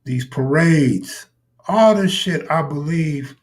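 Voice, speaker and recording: A man's voice: fairly high pitch, takes it slowly. Blunt, profane man riffing on a live stream. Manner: blunt, profane, talks back to chat viewers. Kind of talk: casual live stream commentary.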